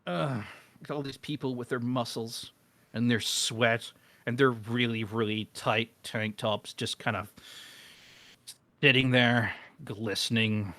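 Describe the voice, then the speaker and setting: A man's voice: mid-range voice, steady tone, takes it slowly, fairly bright tone, no echo. A man with a British accent chatting casually on a live stream, rambling and self-mocking with crude jokes. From Britain.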